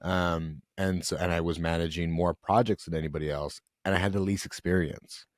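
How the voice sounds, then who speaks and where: A young man, a podcast guest, telling an emotional personal story in an earnest, halting way. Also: low-pitched, steady tone, dry recording, studio quality. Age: young adult.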